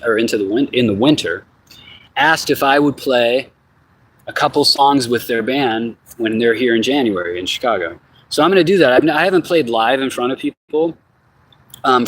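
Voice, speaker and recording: Man, husky voice, casual rambling vlog, slangy and profane, loose delivery. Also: mid-range voice, poor audio. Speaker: musician giving a channel update. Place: outdoors on a hot evening.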